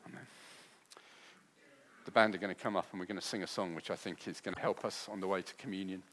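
A man preaching a sermon, his delivery moving between quiet tender passages and loud rousing ones. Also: low voice, fairly even intonation, rapid-fire.

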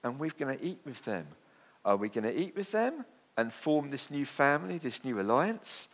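A man preaching a sermon in a conversational, animated way, with asides and jokes. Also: mid-range voice, normal speed. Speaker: pastor.

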